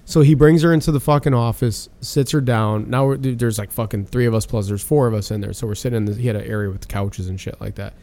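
A man spins a long workplace story in loose, casual chat, swearing freely and talking bluntly. His voice sits at a middling pitch for a man. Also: fast, hardly any pauses. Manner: profane, blunt, animated storyteller.

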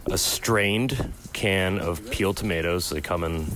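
Low-voiced man hesitantly explaining cooking. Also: measured pace, a crowd in the background. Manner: hesitant, filler-heavy explaining. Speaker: cook interviewed. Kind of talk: casual interview.

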